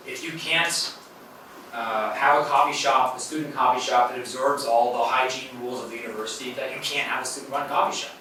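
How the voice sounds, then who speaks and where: A university professor lectures in a hall conversationally, using fillers and correcting himself. His mid-range male voice has a sharp tone and comes from a distance in a very echoey hall with faint noise.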